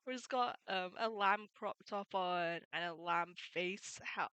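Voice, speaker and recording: Chatty woman with a bright clear voice. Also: lowish voice, measured pace, dry recording, highs cut off. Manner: chatty, laughs often, quotes characters in passing. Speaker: manga reviewer. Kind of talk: casual chapter summary.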